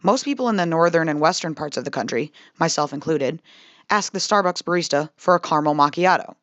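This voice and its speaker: Low-voiced Midwestern woman narrating. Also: animated, fairly quick, no echo. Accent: Midwestern American. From Midwestern United States. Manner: wry, conversational explainer. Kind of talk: scripted narration. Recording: slightly dull, dry voice-over.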